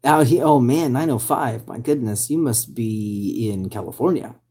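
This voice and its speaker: Livestreamer, male, husky and mellow, rambling and halting, still getting his voice back. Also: medium pitch. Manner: rambling, hesitant, reads out viewer comments. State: voice recovering from hoarseness. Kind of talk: casual live stream chat.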